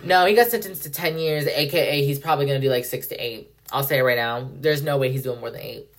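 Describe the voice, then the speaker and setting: A woman's voice: very deep voice, fast talker. A young woman hosting a solo podcast, ranting in a heated, profane way and saying "like" constantly. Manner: heated, profane, heavy use of "like". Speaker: podcast host.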